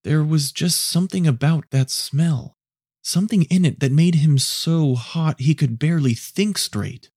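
A man narrating a scripted story in a measured, low-key way. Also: a little mellow, no echo, clean studio sound.

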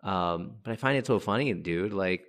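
A man's voice: low-pitched, normal speed, a bit bright. A man hosting a podcast, giving blunt, chatty dating advice and calling listeners dude and bro. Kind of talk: casual advice monologue.

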